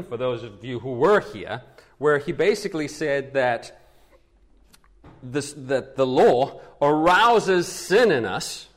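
A pastor preaching a verse-by-verse sermon. His voice sits a little high for a man and swings widely up and down as he asks and answers rhetorical questions. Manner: lively teaching with rhetorical questions. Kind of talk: expository sermon.

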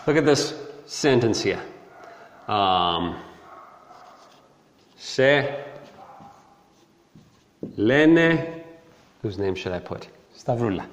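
A man giving a casual, animated Bible teaching sermon, talking in a conversational way and repeating key phrases for emphasis. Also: deep voice, a little slow. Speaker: preacher teaching through a Bible letter. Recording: echoey hall with long reverb.

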